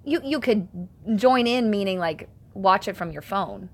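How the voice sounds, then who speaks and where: A woman's voice: medium pitch, expressive, a little slow. A woman hosting a casual live stream from home. She reads viewer comments aloud and answers them, chatty and self-conscious, laughing often.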